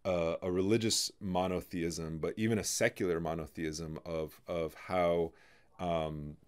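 Deep-voiced man, halting podcast host. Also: fairly even intonation, a little mellow, clean tone. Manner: halting, many "you know" fillers and restarts. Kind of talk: in-depth conversational discussion.

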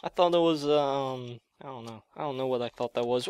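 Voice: medium pitch, fairly quick, few pauses, a little mellow, clear, resonant tone, no echo. A gamer giving let's play commentary while thinking aloud, gasping and yelping whenever something surprising happens.

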